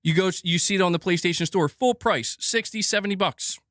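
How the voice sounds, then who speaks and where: A man's voice: high-pitched, brisk, a bit bright, no echo, clean studio sound. A male gaming news streamer in a heated, sarcastic and profane livestream rant.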